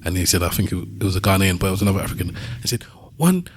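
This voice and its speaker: A man hosting a podcast, telling a story in casual chat and jumping into high voices for the people he quotes. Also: little pitch movement, racing, slight background noise. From Britain. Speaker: podcast host.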